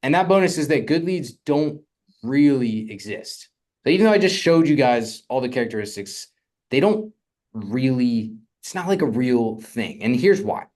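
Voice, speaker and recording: A young man coaching on real estate funding in a casual, energetic teaching talk, often asking "right?". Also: mid-range voice, normal speed.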